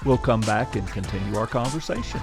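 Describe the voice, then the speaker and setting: A man hosting a podcast, interviewing a guest in a measured way and steering the talk. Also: fairly low pitch, lively intonation, creaky, over loud music. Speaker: podcast host.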